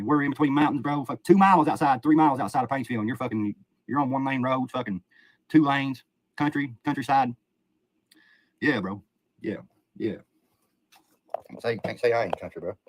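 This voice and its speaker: Speaking with a medium pitch, this Eastern Kentucky man sounds expressive and brisk, yet leaves long pauses, with no room sound. He chats profanely and ramblingly in his Appalachian accent on a casual riverside livestream.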